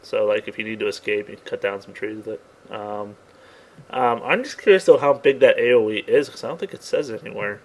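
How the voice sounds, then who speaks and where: A man's voice: fairly low pitch, fairly quick. A man co-hosting a casual gaming podcast, chatty and loose in his talk. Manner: loose and chatty, with frequent laughter. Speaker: podcast co-host.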